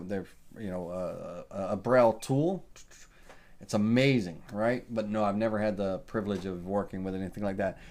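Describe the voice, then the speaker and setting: A man giving a relaxed live woodworking software tutorial, answering viewer questions with lots of fillers. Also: on the low side. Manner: casual, folksy, lots of uh and um fillers. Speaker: CNC woodworking instructor.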